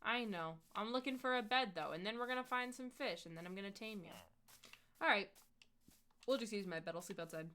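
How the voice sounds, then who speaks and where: A woman's voice: mid-range voice, fairly quick, pushed and bright, slight background noise. A young woman from the US Midwest chatting casually on a gaming live stream, rambling through stories and talking to game animals as she plays.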